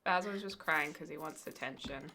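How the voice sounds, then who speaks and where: A woman's voice: low voice, normal speed, noisy background. A woman streamer chatting casually and laughing often while she plays. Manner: giggly, lively, playful. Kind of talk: casual live-stream chat.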